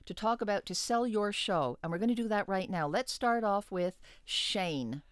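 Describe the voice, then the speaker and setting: A woman hosting a radio segment, teasing her guests with a theatrical flair. Her mid-pitched voice is close and dry in the studio. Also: moderate pace, clear, resonant tone, dry recording. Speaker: radio host. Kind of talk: casual radio chat. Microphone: studio microphone.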